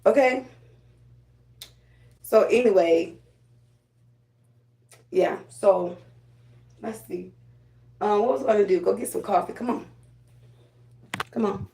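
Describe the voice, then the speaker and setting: A woman's voice: medium pitch, takes it slowly, vocal fry, long pauses, mellow, reverberant, low-quality recording. A woman chatting casually and bluntly while getting ready, giving spiritual readings, repeating her phrases for emphasis. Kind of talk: casual get-ready-with-me chat.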